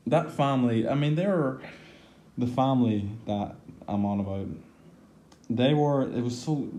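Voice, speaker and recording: A young man rants through a film review, exasperated and swearing freely, his talk stuffed with "like" and sighs of disgust. His voice sits low and sounds mellow and warm rather than bright. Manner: exasperated, profane, lots of "like" fillers. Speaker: movie reviewer.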